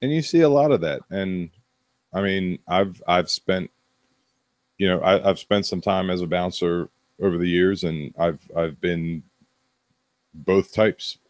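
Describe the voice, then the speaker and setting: A man in his thirties with a low voice tells a blunt, profane story in casual podcast chat. He is recorded dry and close on the mic. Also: unhurried, dry recording. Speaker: podcast co-host, bar manager.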